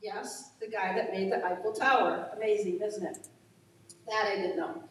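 A woman's voice: mid-range voice, steady tone, moderate pace. A middle-aged woman chatting casually, sharing facts and laughing at herself. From United States. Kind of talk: casual chat. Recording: echoey room, voice from far off.

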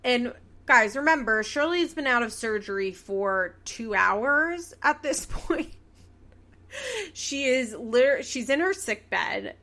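A young woman with a bright, forceful voice pitched a little high, hosting a casual podcast. She talks in an animated, sarcastic way, swears freely and laughs often. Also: slow. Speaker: podcast host. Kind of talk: casual chat recapping a reality show.

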